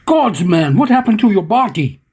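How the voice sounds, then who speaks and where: A man voicing a brawny young male barbarian raised by bears, speaking in high, excitable exclamations. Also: normal speed. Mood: startled.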